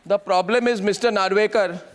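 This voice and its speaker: A man with an Indian English accent runs a heated televised debate. His voice sits very high, and he is combative, repeating his phrases mockingly while talking over his guests. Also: fairly even intonation, fairly quick. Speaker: news debate anchor.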